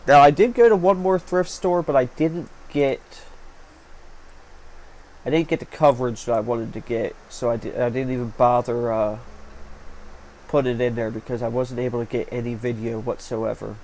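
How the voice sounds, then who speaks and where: A vlog host narrates his own footage in a rambling, chatty way with lots of fillers, his mid-range, darkish voice fairly even in intonation at a moderate pace. He records on a home setup in a small hot room, where a running fan leaves faint noise in the low-quality audio.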